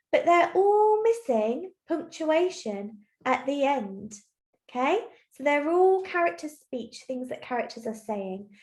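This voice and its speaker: A woman teacher giving a recorded lesson to young children, explaining clearly and patiently step by step. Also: high voice. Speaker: primary school teacher. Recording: roomy echo.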